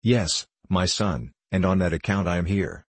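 A man reading the lines of a gentle, earnest older friar in an audiobook, solemn and consoling in manner. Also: low-pitched, normal speed, breathy edge, no room sound. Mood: solemn consolation.

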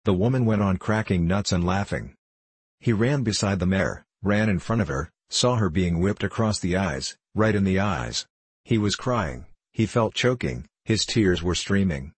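A man reads a classic novel in a measured, steady way, his voice very low and husky. The recording is close and dry, with almost no room sound. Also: no room sound. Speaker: audiobook narrator. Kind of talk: scripted narration of a classic novel.

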